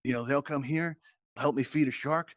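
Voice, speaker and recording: A man's voice: mid-range voice, normal speed, dry recording, dull audio. A man hosting a live game show in virtual reality, an upbeat showman hyping up the crowd through a headset mic. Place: virtual reality social app.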